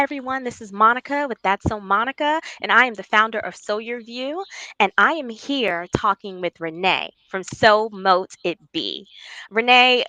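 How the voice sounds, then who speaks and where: A woman with a Bronx accent hosting a live-stream interview, excitable and laughing often. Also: on the high side, no echo, rough recording. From the Bronx, New York. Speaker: interview host.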